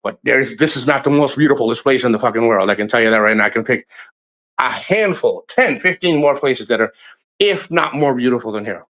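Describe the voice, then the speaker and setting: Man, mid-pitched, casual livestream rant, profane and rambling, animated storyteller. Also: a little fast. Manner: animated storyteller who acts out quotes.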